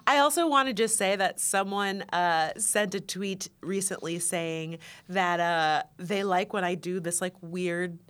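Bright, playful woman podcast host. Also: lowish voice, a little slow, hardly any pauses. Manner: playful, teasing, laughs often. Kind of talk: casual podcast banter.

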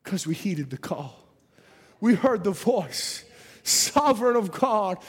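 High-voiced fervent male preacher. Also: expressive, a little slow, husky. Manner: fervent preaching cadence with repeated rhetorical questions. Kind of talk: sermon. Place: church. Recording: long hall reverb, faint music behind.

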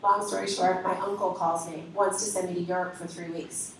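A woman leader giving a lively spoken testimony to a congregation, acting out the conversations she recounts. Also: lowish voice, a little fast, a little hiss or hum. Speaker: ministry leader. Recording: echoey hall from far off.

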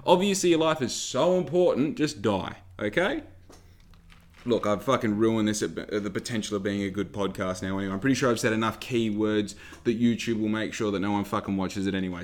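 An Australian man hosting a podcast, ranting with heavy swearing and repeated rhetorical questions. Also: on the low side. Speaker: podcast host. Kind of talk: comedic rant podcast.

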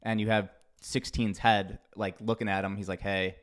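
A man talking casually on a podcast, with a voice that sits on the low side. He eases into his points with hesitant, stammering restarts before telling the story. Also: level tone, normal speed. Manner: hesitant starts, stammering repeats. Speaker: podcast guest. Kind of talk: casual chat.

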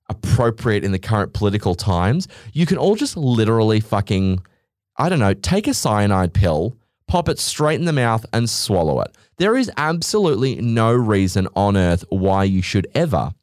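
A man's voice: on the low side, darkish tone, dry recording, clean studio sound. A young Australian man hosting a solo podcast, ranting in a brash, sweary, theatrical way. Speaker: podcast host.

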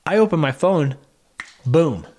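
A podcast co-host with a fairly high voice tells a hiking story in casual chat, taking his time. He's animated, acting out what people said.

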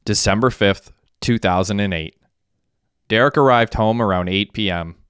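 A man narrating an audiobook in a steady, even reading. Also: lowish voice, normal speed, clean tone, no echo, studio quality. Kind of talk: scripted narration.

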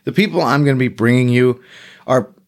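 A man's voice: medium pitch, a little fast. A man hosting his own podcast alone, talking casually and rambling with lots of fillers and self-deprecating asides. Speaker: podcast host. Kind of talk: solo podcast monologue.

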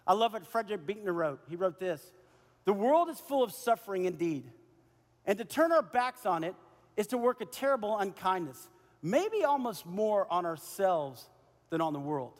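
Pastor, male, lively conversational sermon, high voice, church hall with a long reverb tail. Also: moderate pace. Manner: energetic, conversational preaching with acted-out dialogue. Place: church auditorium.

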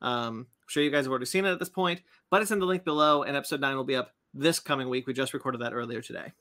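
A man in his thirties co-hosting a podcast, excitable and teasing as he runs through announcements. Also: medium pitch, racing. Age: 30s. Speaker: podcast co-host. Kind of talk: casual podcast chat.

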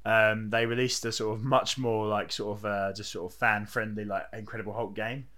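A man's voice: on the low side, flat delivery, normal speed, bright, forceful tone. A man, chatting casually as a podcast co-host, rambling with lots of fillers and frequent swearing. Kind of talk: casual chat.

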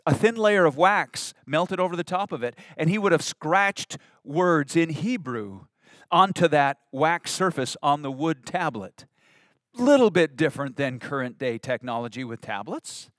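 Pastor guy preaching, kinda high voice, gets animated, dry close sound. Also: normal speed, no echo. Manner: expressive preaching with rising emphasis and asides. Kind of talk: sermon.

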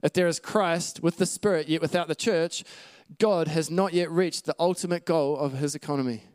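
A man preaches a sermon in an earnest teaching manner, walking through scripture passages and checking in with his listeners. His voice sits slightly high and comes across smooth and clear. The recording is dry, with little room sound. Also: normal speed, a little mellow, dry recording. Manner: earnest teaching with scripture references, occasional light laughs.

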